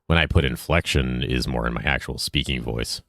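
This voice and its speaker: A man streaming games and chatting casually with his viewers, with dry, fairly monotone banter. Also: rumbling low, normal speed, no echo. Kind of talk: casual chat while gaming.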